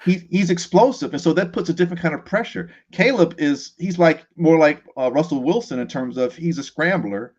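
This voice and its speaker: A man guesting on a sports talk show, animated and quick to laugh, often restarting his sentences. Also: fairly high pitch, muffled recording.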